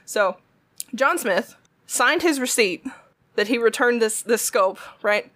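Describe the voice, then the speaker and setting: A woman tells a workplace story in a lively, swear-filled chat. Her voice sits a little high, and she acts out each person's lines with gusto. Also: takes it slowly. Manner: animated, swears freely, acts out quotes. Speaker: retail worker telling a story.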